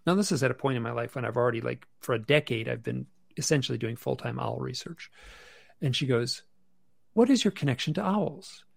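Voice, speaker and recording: Calling in by video from his bedroom, a male podcast guest speaks at a medium pitch in a gravelly voice with a bit of fry. His story comes out casual and halting, full of restarts and "um" fillers. The audio is dry and close, without echo or room sound.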